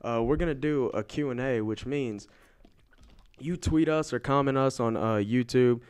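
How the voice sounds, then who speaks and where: A young man co-hosting a podcast in casual chat, laid-back and a little halting as he explains how listeners can take part. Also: medium pitch, darkish tone, clean tone, no echo. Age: young adult. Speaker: podcast co-host.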